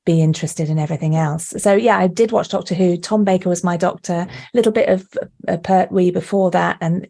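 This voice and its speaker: Woman guest, mid-low voice with gravelly fry, animated storyteller who laughs a lot. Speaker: guest, actor and director. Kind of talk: podcast interview chat. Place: remote call, not with the hosts.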